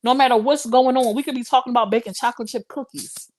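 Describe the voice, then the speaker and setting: A woman's voice: a little high, steady tone, fast talker, a little mellow. A young woman hosts a live stream and talks straight to her viewers. She sounds impassioned and a little preachy, in casual commentary.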